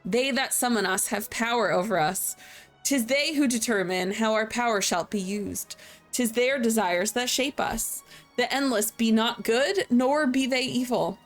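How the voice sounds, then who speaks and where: A woman voicing an ancient dragon, reading its archaic lines slowly and formally. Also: on the high side, soft background music, close to an everyday voice. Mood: solemn. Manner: slow, measured, formal old-fashioned phrasing. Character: ancient solemn dragon speaking archaic English.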